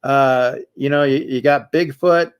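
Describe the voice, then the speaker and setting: A man's voice: mid-range voice, fairly even intonation, measured pace, clear, resonant tone. A man hosting a casual live stream, rambling with fillers as he reads out quiz answers. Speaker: show host.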